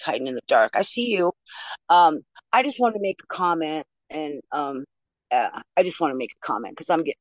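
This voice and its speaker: A woman's voice: deep voice, no echo, low-quality recording. Earnest woman from the US. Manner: warm, earnest, laughs easily. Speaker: meeting member. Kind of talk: recovery meeting share.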